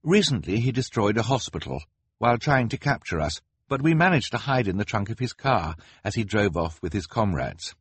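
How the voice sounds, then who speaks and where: A man's voice: fairly low pitch, big pitch swings, fairly quick, slightly rough, dry recording. A man reading aloud, voicing an anxious teenage girl who is the eldest of three orphans, with a pleading, urgent delivery.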